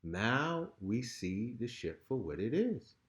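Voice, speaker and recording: A man's voice: medium pitch, big pitch swings, slow pace. A man talking candidly as a podcast guest, blunt and heated, with frequent swearing. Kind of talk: raw candid conversation. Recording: roomy echo.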